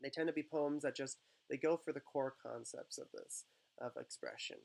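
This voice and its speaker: A man teaching a writing class, explaining step by step in a loose, casual way with many fillers and quick check-ins. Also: mid-range voice, vocal fry, darkish tone.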